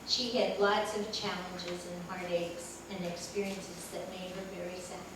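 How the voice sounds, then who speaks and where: A woman's voice: on the low side, little pitch movement, a little slow. An older woman giving a memorial tribute speech, telling fond stories of her friend with humor. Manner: warm storytelling with laughter. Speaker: eulogy speaker. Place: large echoey hall. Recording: echoey hall from far off, noisy.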